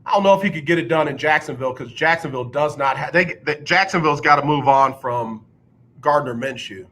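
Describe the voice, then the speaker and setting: A man's voice: on the high side, brisk, bright, forceful tone. A man hosting a sports talk radio show, ranting bluntly and repeating his points for emphasis. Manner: mocks others with exaggerated announcer impressions. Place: radio studio.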